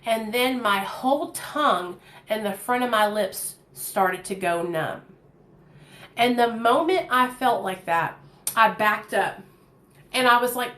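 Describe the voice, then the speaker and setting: A woman's voice: on the high side, takes it slowly, pushed and bright. A woman telling a personal story in a casual, candid and profane way, full of chatty fillers, in an echoey room. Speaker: vlogger.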